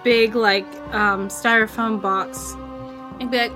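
A woman's voice: fairly high pitch, fairly even intonation, slow pace, pushed and bright, faint music behind. A woman running a tabletop game, voicing people in chatty, folksy small-town diner talk. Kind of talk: in-character tabletop role-play.

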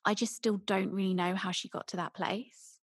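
A woman's voice: mid-range voice, fairly even intonation, moderate pace, husky, dry recording, clean studio sound. A woman in casual chat about a TV series, giving candid, blunt opinions and swearing casually.

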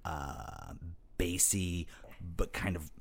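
A man's voice: low-pitched, expressive, extremely slow, vocal fry. A man co-hosting a podcast in casual chat, jokey and self-deprecating. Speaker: podcast co-host.

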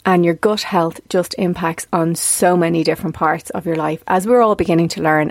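A candid woman in her forties reflects aloud as a podcast host, her voice gravelly with fry at the ends of her phrases. She is earnest and openly emotional, recorded close and dry with no room sound. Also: fairly low pitch, steady tone, brisk, hardly any pauses, darkish tone, no room sound. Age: 40s. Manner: earnest, confessional, easily emotional.

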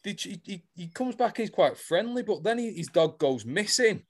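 A man with a slightly higher voice than most, telling a story in a loose, animated way. He swears freely and keeps the chat rolling, like a podcast co-host. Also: normal speed, breathy edge. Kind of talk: casual chat recapping a soap.

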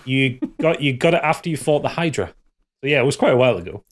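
A man at an average pitch runs a tabletop role-playing game for friends. He narrates scenes in a loose, rambling way and often restarts his sentences. His talk is casual and unscripted. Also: lively intonation, quick pace. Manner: rambling, restarts mid-sentence, laughs with players. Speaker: game master.

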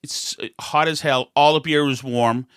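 A man's voice: fairly high pitch, steady tone, moderate pace, fairly bright tone, smooth, no echo, studio quality. A middle-aged American man telling stories in a rambling, casual way, full of fillers and restarts. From United States. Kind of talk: casual conversational storytelling.

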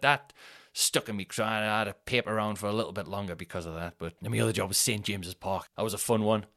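A man's voice: fairly low pitch, fairly bright tone. A man, telling rambling, sweary comic stories as a podcast host. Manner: rambling, swears, laughs at his own stories. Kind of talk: casual comic storytelling.

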